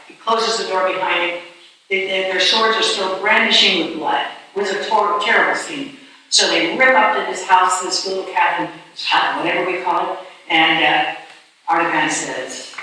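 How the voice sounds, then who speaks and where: A woman telling a story as a sermon in a church hall, animated and dramatic, often restarting her words. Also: lowish voice, moderate pace. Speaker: speaker. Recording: echoey distant hall with faint noise.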